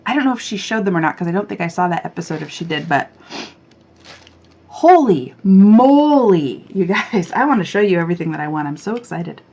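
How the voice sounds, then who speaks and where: A woman hosting a knitting podcast, chatting casually to camera, excitable and chatty, and she swears freely when she rants. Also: lowish voice, racing, vocal fry, hardly any pauses, highs cut off.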